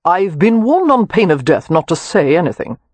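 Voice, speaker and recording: An audiobook narrator voicing a flippant young aristocrat who talks in glib, teasing quips. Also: male voice, high voice, big pitch swings, normal speed, dry recording.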